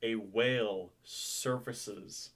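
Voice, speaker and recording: A man's voice: lowish voice, fairly even intonation, drawn-out words, fairly bright tone. A young man running a tabletop game as game master, chatty and loose, laughing and swearing casually.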